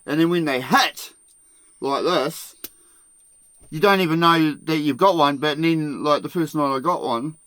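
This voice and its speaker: A man tells a rambling story to his listeners in a bright, forceful voice, swearing freely and laughing as he goes. He slips into shouted imitations of the people he worked with. The recording is close and dry, with no room sound. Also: fairly high pitch, no room sound. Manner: profane, laughs often, acts out other people's shouting. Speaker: podcast host telling a work story. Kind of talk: casual storytelling.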